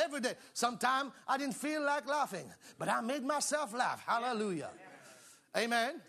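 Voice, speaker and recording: A man preaching an exuberant sermon, often shouting and laughing, calling on the congregation to respond. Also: extremely high pitch, sing-song, moderate pace, vocal fry.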